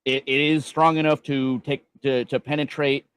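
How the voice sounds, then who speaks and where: A man's voice: medium pitch, level tone, moderate pace, a bit bright, clear, resonant tone, no echo, faint music behind. Man, podcast guest, eager detailed explaining, casual swearing, dry sound. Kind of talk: casual chat on a live stream.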